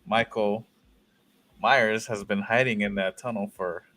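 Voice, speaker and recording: A man's voice: on the low side, fairly even intonation, measured pace, bright, forceful tone. A man co-hosting a casual movie review chat in a laid-back, joking way. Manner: laid-back, profane banter. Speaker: podcast co-host.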